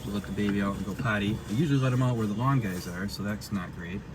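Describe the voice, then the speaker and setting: A man's voice: fairly low pitch, fast talker, recorded from a distance. Man, casual driving vlog, rambling, chatty, self-mocking, recorded a bit off-mic, road noise behind. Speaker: vlogger. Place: inside a car while driving. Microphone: dash-mounted camera.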